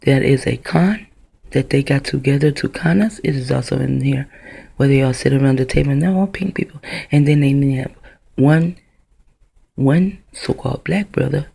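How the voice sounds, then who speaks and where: A woman's voice: extremely low pitch, normal speed, vocal fry, mellow, slightly rough. A woman talking into her own camera in a rambling, profane vlog monologue that drifts from one idea to the next. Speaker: vlogger.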